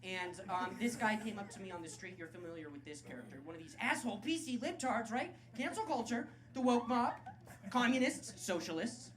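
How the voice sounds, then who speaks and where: A man's voice: high-pitched, animated, a little fast. Brash, sarcastic stand-up man. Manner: brash, crude, sarcastic crowd work. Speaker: stand-up comedian. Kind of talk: live stand-up set. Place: comedy club stage. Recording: loud live club crowd and noise.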